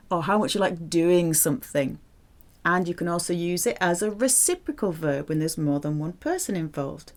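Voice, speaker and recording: A woman teaching a French lesson, drilling verb forms slowly and checking in with the learner. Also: on the low side. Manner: slow, deliberate drilling of verb forms with lively questions to the learner. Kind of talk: language lesson.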